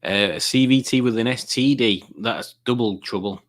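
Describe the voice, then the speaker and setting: A man's voice: medium pitch, normal speed. A man hosting a casual live-stream quiz night, reading viewer comments aloud in a jokey, rambling way. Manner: jokey, rambling, chuckling at puns.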